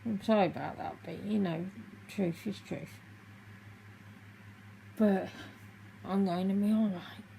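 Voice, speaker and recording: A woman vlogging to camera, tearful and halting as she speaks openly about her feelings. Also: mid-range voice, steady tone, gravelly, mellow, a little hiss or hum, low-quality recording. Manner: halting, emotional, confessional. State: tearful, crying. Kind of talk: personal vlog talking to camera.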